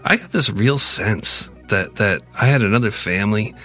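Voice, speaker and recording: A man co-hosting a podcast, talking in an earnest, reflective way with many halting restarts. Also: on the low side, bright, forceful tone, faint music behind. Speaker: podcast co-host. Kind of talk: casual podcast chat.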